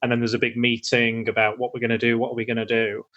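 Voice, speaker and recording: A man's voice: mid-range voice, little pitch movement, quick pace, fairly bright tone, muffled recording. A man hosting a casual podcast, recapping a film plot with stammered starts. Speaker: podcast host.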